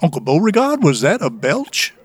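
A man on a podcast putting on a deep Southern US accent as a folksy Southern gentleman rating beers, drawling and theatrical. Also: wildly swooping pitch, moderate pace, husky, no room sound, exaggerated voice. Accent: put-on deep Southern US. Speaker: podcast co-host.

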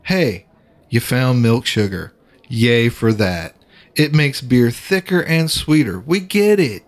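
A man's voice: medium pitch, expressive, slow pace. A man reading a parody sponsor ad in a mock-earnest, pleading announcer voice.

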